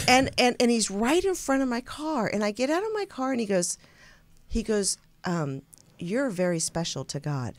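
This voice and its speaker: A woman's voice: fairly high pitch, big pitch swings, normal speed, no room sound. A woman co-hosting a talk show, telling a rambling story in a casual chat with many restarts. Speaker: co-host.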